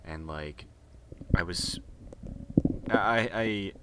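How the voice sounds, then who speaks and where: A man's voice: low-pitched, very slow, heavy background noise. A man in his early twenties co-hosting a podcast, rambling in casual chat with many hesitations and fillers. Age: early 20s. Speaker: podcast co-host.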